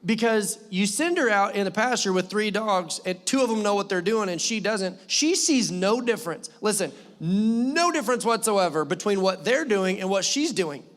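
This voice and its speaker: Animated male pastor in a reverberant hall. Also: high-pitched, moderate pace, few pauses. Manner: animated, joking storytelling. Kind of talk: sermon. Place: church hall.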